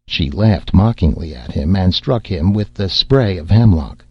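A man narrating an old fairy tale in a measured storytelling manner. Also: deep voice, animated, husky, no echo. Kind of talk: audiobook narration. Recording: slightly dull lo-fi audio.

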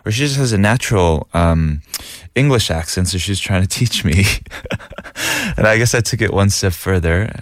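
A man's voice: low voice, normal speed, no room sound, clean studio sound. A man hosting a casual radio show, reading listener messages and laughing easily. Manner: laughs easily, animated and chatty. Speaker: radio host. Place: radio studio booth.

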